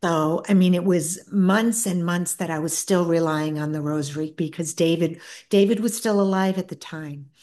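A middle-aged woman, an author and guest, tells a personal story in a soft, earnest way, often stopping and restarting her sentences. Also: lowish voice. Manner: soft-spoken, earnest, halting with many restarts.

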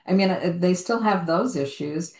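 A woman hosting an interview, speaking in a measured, thoughtful way with frequent hesitations. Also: fairly low pitch, darkish tone, reverberant. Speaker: interview host. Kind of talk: conversational interview.

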